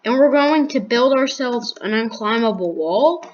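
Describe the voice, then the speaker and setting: A woman narrates her block-game build at an unhurried pace, pausing to count and restarting her sentences as she works things out. Her voice sits a little high, and her humor is dry and sarcastic. The recording sounds muffled and lo-fi. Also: animated. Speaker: gaming video creator. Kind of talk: casual Minecraft build commentary.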